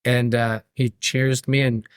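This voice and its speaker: A man, a podcast guest, tells a lively story in casual chat, laughing and acting out what others said. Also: mid-range voice, a little slow, clean tone, dry recording, studio quality. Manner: animated, laughing, acts out quotes. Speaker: podcast guest, brewery owner.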